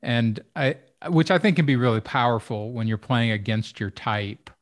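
A man's voice: medium pitch, normal speed, no room sound. Male comedy-producer type, casual storyteller, medium voice, dry close recording. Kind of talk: casual podcast chat.

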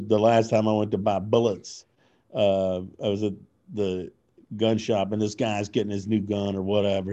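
A man from Kentucky chatting casually, a loud and animated storyteller who acts out voices in his anecdotes. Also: on the low side, lo-fi sound. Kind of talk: casual chat. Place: lives in California.

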